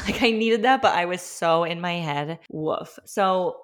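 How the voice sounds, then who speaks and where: A young woman hosting a podcast shares her birth stories candidly and chattily, with many filler words and open, honest emotion. Her voice is lowish, and she talks a little slowly with few pauses.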